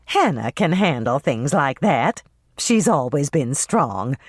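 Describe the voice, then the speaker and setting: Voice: mid-range voice, very animated, takes it slowly, slightly rough, dry recording, studio quality, heavily acted. An audiobook narrator voicing Dolores, a proud and bossy mother who talks in a grand, condescending way.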